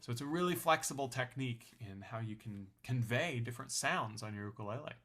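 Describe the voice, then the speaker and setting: A man's voice: medium pitch, expressive, a little fast, over loud music. A young man teaching a ukulele lesson in a friendly, explanatory way, counting beats aloud. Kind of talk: online music lesson.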